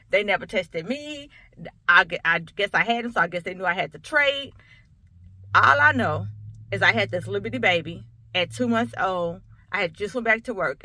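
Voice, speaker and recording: A woman's voice: mid-range voice, sharp tone, no echo. A woman, a coach, telling a personal story to camera in an emphatic, conversational way, often repeating herself. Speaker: coach and sickle cell awareness speaker.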